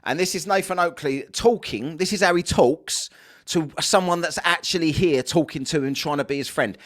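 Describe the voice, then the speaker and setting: A man's voice: fairly high pitch, moderate pace, fairly bright tone. A man reacting to clips, swearing and mocking. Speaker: podcast host. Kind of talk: reaction commentary.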